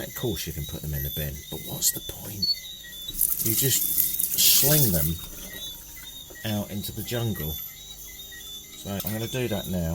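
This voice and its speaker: Deep-voiced British man, outdoor field recording. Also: heavy background noise. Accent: British English. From Britain. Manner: chatty, wry and irreverent, with the odd swear. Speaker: travel podcast host. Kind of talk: casual travel audio diary. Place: outdoors in the jungle, on a river raft and at an outdoor kitchen. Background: chirping birds and crickets.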